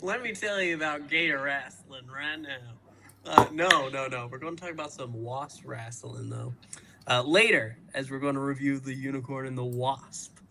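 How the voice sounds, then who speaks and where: A man's voice: medium pitch, normal speed, noisy background. A man hosting a live podcast, joking around and introducing his co-hosts in casual chat. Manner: playful, jokey, introduces co-hosts. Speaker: podcast host.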